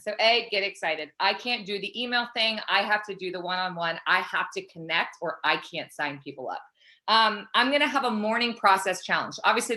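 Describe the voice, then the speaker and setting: A woman in her thirties, a fitness coach talking fast and excitedly as a guest on a call interview. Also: mid-range voice. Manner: excited, fast-flowing, pep-talk energy.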